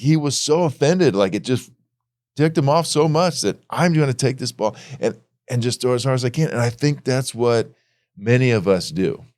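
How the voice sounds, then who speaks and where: A middle-aged man co-hosting a casual faith podcast, telling stories in a loose, animated way. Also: mid-range voice, no echo. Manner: storytelling, animated when retelling. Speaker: podcast co-host.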